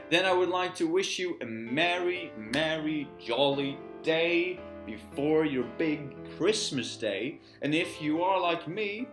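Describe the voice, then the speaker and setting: Animated, playful vlogger. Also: medium pitch. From Sweden. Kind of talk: recited poem then casual chat. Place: outdoors. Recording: echoey with faint guitar music.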